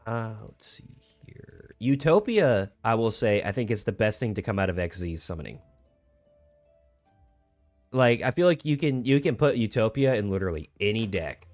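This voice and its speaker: A young man with a lowish voice chats loosely while he plays, rambling with lots of fillers and restarts. The sound is dry and close, with faint music underneath. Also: big pitch swings, moderate pace, a little mellow, dry recording. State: hiccuping. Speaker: streamer. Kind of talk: casual gaming stream chat.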